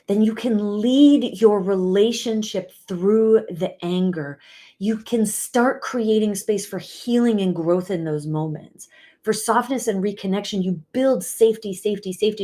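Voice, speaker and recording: Earnest soft-spoken woman coach. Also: medium pitch. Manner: earnest, soft-spoken, shifts to whispers and emphatic outbursts. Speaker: relationship coach. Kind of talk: motivational talk to camera.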